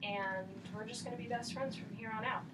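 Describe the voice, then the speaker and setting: A woman's voice: fairly high pitch, fairly quick, reverberant, far from the mic, very noisy, close to an everyday voice. A woman voicing an eager young woman who pledges to follow her mother-in-law, in a bubbly, casual way. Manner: bubbly, valley-girl casual.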